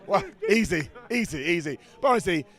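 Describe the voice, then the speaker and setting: A man reviewing wrestling outdoors, bantering loudly with fans around him. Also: sits high, lively intonation, a little fast. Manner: loud, joking, bantering with fans. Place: outside an arena among a crowd. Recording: loud crowd around him. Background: crowd chatter and street noise.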